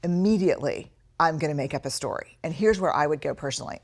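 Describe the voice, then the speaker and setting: A woman's voice: low-pitched, quick pace. A woman giving a candid storytelling talk to an audience about leadership, acting out her own inner voice. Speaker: speaker on courage and leadership.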